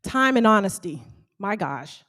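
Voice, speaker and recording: A woman who owns a small bakery gives a motivational talk to a live audience, animated and calling out questions to the crowd. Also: medium pitch, a little slow. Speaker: small bakery owner speaking to fellow business owners.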